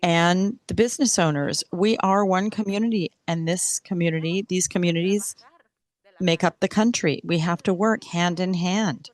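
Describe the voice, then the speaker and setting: A woman interpreting public comments at a council meeting into English, speaking in a slow, measured, deliberate way. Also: on the low side, dry recording.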